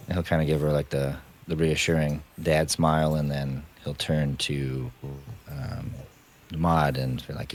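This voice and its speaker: Very deep-voiced man playing a tabletop game. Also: little pitch movement, unhurried. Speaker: player.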